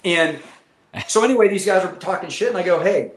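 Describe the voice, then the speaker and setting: A man telling profane, animated war stories as a former military pilot, acting out what people said. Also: high voice, fast. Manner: profane, animated, acts out quotes. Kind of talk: casual storytelling chat. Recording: echoey room with faint noise.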